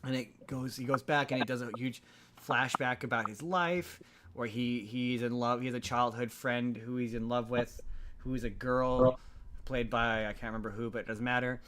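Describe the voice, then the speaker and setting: A man's voice: medium pitch, fairly even intonation, moderate pace, a bit bright, a little hiss or hum. A man hosting a podcast, recapping a movie plot in a loose, rambling way with many restarts. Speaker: podcast host.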